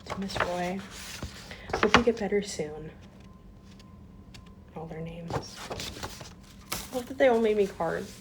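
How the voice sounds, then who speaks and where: A woman's voice: mid-range voice, takes it slowly, pauses often, background noise. A young woman talking casually to her phone camera at school, emotional and close to tears, with lots of fillers. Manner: chatty, fillers, on the edge of tears. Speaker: school aide. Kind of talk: casual vlog. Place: school classroom.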